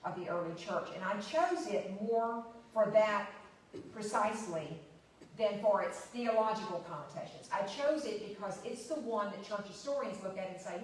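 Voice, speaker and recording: A woman's voice: mid-range voice, animated, moderate pace, a little hiss or hum. A woman giving an unscripted church history talk, stressing key words, with fillers and restarts. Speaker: lecturer. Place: church hall. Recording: very echoey, distant room recording.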